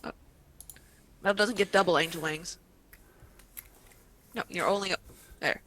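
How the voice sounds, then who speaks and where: A woman's voice: fairly low pitch, measured pace, fairly bright tone, slight background noise. A woman running a tabletop game as game master, often muttering to herself while tracking turns.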